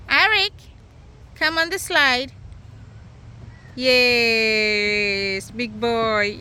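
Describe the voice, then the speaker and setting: A woman's voice: sits high, sharp tone, smooth. A mother filming a casual family vlog outdoors at a park, chatting in a sing-song, cheerful way to her children. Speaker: vlogger mother. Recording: noisy outdoor phone audio.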